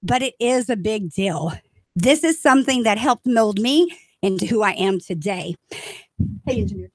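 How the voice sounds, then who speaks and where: A woman hosting a lively radio talk show, enthusiastic and chatty as she cheers her guests on. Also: medium pitch, normal speed, no room sound. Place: radio studio. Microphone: studio microphone.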